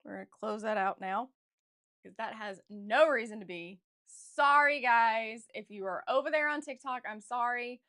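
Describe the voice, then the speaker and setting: A woman's voice: medium pitch, normal speed, fairly bright tone. A woman author chatting casually to viewers on a livestream, rambling with many fillers and restarts and often addressing them as "you guys.". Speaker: author livestreaming a writing session.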